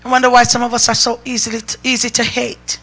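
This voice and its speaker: A woman's voice: on the high side, flat delivery, fast talker, fairly bright tone. A woman preaching a sermon in an emphatic way, urging the congregation to respond.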